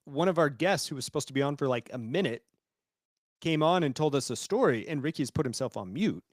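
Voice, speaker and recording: A man's voice: on the high side, expressive, brisk, no room sound, clean studio sound. A man co-hosting a podcast, ranting animatedly and mocking friends' voices. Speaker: podcast co-host.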